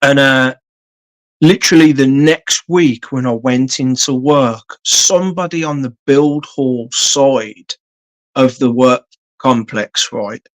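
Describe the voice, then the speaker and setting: Casual male streamer: blunt, sweary, rambling, mid-range voice, lots of ums and uhs. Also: medium pitch. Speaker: live streamer. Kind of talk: casual live-stream storytelling.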